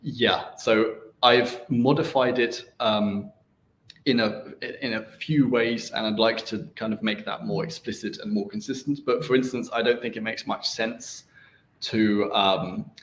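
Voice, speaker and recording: A man's voice: on the low side, steady tone, a little slow, a bit bright. Young man, hesitant seminar speaker, many fillers, echoey room, faint background noise. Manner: hesitant, many ums and restarts. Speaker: researcher presenting a database. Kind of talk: academic seminar talk and answers.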